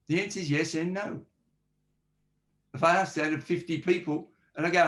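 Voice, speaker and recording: A man with a slightly high voice talks as a guest on a podcast. He explains his ideas point by point and acts out the sample questions he describes. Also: normal speed, long pauses, fairly bright tone. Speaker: guest, forensic linguist. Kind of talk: podcast interview answers.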